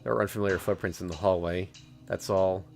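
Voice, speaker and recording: A man's voice: low-pitched, steady tone, a little fast, creaky, a little mellow, faint music behind. A male streamer reading a visual novel aloud in first person, with casual joking asides.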